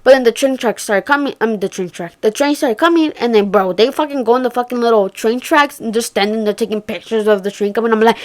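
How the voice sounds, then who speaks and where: A young woman telling a story casually, swearing and slangy, jumping from loud outbursts to hushed murmurs. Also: fairly high pitch, quick pace. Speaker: vlogger.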